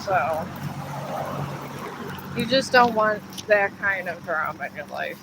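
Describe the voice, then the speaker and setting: A woman's voice: medium pitch, lively intonation, slow pace, noisy background. A woman livestreaming her dog walk, tired and grumbling as she coaxes her dog up the hills. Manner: weary, grumbling, coaxing her dog along. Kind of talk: casual live vlog. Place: outdoors on a hilly street walk.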